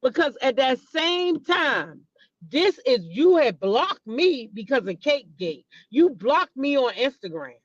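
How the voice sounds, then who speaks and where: A woman's voice: sits high, sing-song, takes it slowly, dry recording, highs cut off. A woman hosting a casual gossip commentary, emphatic and profane, repeating her points and talking straight to her viewers. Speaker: host.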